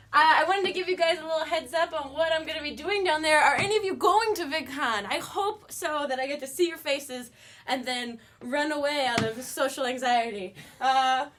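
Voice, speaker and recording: A woman with a high, bright voice hosts a live web show from a studio. She chats casually and rambles in a goofy, self-mocking way. Her jokes come in quick asides. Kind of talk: casual live-stream chat.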